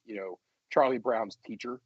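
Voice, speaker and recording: A man's voice: mid-range voice, normal speed, slightly rough, dry recording, muffled recording. A man co-hosting a podcast, telling rambling stories in casual banter. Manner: rambling, storytelling, laughs a lot. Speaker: podcast co-host.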